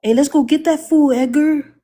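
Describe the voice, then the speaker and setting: A woman's voice: sits high, steady tone, moderate pace, mellow, voice pushed up, close to an everyday voice. A woman voicing a brash young man from the neighborhood who swears and talks tough in a comedic skit. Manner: swearing, slangy, tough-talking.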